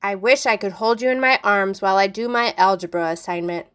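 A woman's voice: mid-range voice, brisk, a bit bright, clean tone, natural voice. A woman voicing a smug male middle-school teacher who mocks a student in a theatrical, teasing way. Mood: mocking.

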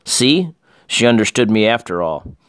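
A man voicing a shy, gentle young girl who talks softly in a storybook reading. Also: lowish voice, very animated, normal speed, no echo. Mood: hopeful. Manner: soft, gentle.

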